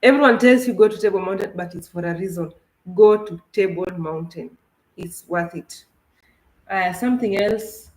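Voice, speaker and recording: A woman's voice: medium pitch, moderate pace, roomy sound, rough recording. Kenyan woman vlogger chatting animatedly. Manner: animated, with restarts and laughs. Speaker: travel vlogger. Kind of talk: casual livestream chat.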